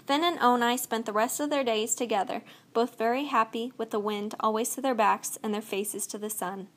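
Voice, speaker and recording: A woman narrates a folk tale aloud with an expressive, lilting delivery. Her voice sits slightly high. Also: normal speed. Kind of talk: storybook reading.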